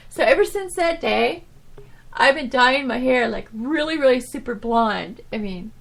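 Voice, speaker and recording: A woman hosting her own podcast, telling stories from her old job in a rambling, animated way, full of restarts and "you know"s. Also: a little high, measured pace, creaky. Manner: animated, swinging from loud to soft. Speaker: podcast host. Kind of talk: casual storytelling monologue.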